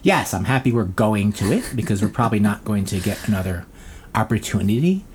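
A man's voice: on the low side, sing-song, a little fast, a little mellow, slight background noise. Joking, rambling male podcast co-host. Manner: jokey, self-mocking, rambling with many fillers. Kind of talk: casual podcast chat.

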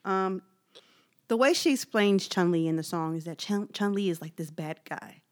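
A woman's voice: lowish voice, normal speed. A woman co-hosting a casual music chat, blunt and opinionated, laughing often. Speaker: podcast co-host.

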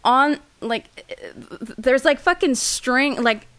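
Young female podcast co-host. High voice, casual and profane, tells stories with acted-out quotes. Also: slow, a bit bright. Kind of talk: casual storytelling chat.

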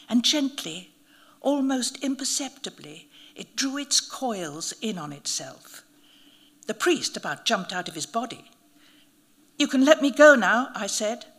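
A woman narrating a first-person audiobook at a mid-range pitch. Her reading is measured and vivid, with scripted, steady storytelling. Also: gravelly, husky.

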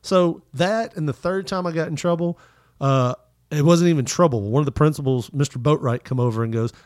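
A man telling childhood stories in casual chat, animated and profane, putting on voices for the people in them. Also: medium pitch, fairly quick, no echo, clean studio sound.

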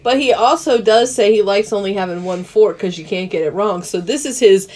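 A woman co-hosting a movie podcast, chatting excitably about the film and laughing often. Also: medium pitch, fairly quick. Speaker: podcast co-host. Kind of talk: casual movie chat.

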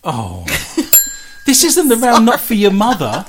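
A man's voice: high-pitched, huge pitch swings, a little slow, background noise. A man hosting a radio show, trading cheeky, bawdy jokes with his co-host and laughing at his own lines. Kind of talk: bawdy comic banter.

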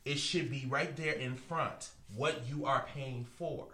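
A man ranting in casual chat, animated and profane, mocking others as he tells a story. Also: mid-range voice, a little slow.

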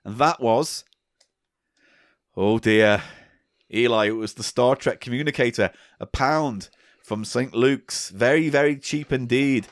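A man's voice: medium pitch, a little slow, no echo, studio quality. A man hosting a casual comedy podcast, teasing his co-host quiz-style. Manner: teasing, quizmaster-like.

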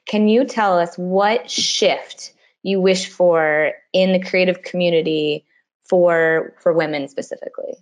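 A woman hosting a casual podcast conversation, gushing and animated as she talks. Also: lowish voice, measured pace. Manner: gushing, warm-hearted and animated. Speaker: podcast host.

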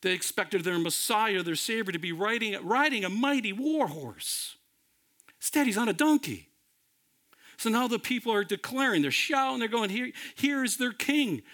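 Animated male preacher, dramatic swings. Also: sits high, moderate pace. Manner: dramatic, swings from loud to hushed; addresses listeners directly as friends. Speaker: pastor. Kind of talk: sermon.

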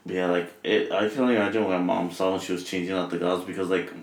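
A man's voice: deep voice, level tone, fast. A young man in casual chat with friends, laid-back and swearing. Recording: echoey room.

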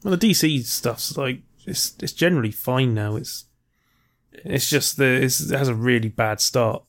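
A man trading casual podcast banter in a voice of middle pitch for a man. He drops dry, offhand jokes and rambles with frequent restarts. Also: moderate pace. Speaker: podcast co-host. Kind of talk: casual chat.

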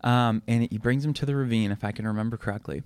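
A young man talking casually about faith, retelling a film story in an earnest, relaxed way with many fillers. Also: medium pitch, fast, clear, resonant tone. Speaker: guest.

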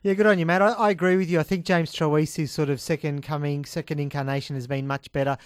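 A man weighs in on a sports talk radio show with calm, measured analysis. His voice sits a little high. The sound is dry and close. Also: clean tone, dry recording. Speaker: co-host.

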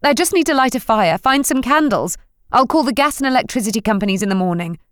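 A woman's voice: fairly high pitch, expressive, fast, dry recording, studio quality, voice pushed up, close to an everyday voice. A woman voicing a weary, grieving young woman who forces a brave front, in an audiobook reading. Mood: tense. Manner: tense, forcing a brave front.

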